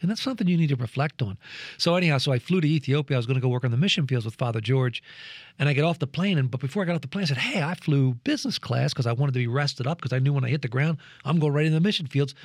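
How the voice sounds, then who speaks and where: A man tells a personal story with earnest, preacher-like conviction and slips into the voices of the people in it. His speaking voice sits at a middle pitch, and the recording is close and dry. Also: racing, dry recording. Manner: lively storyteller who acts out quoted voices. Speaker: program co-host sharing reflections. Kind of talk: animated storytelling reflection.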